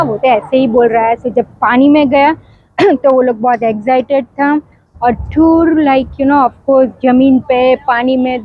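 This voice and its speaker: A woman's voice: high voice, a little hiss or hum. A woman travel vlogger giving a chatty, upbeat recap of the trip. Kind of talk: casual vlog recap. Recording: phone-like thin sound.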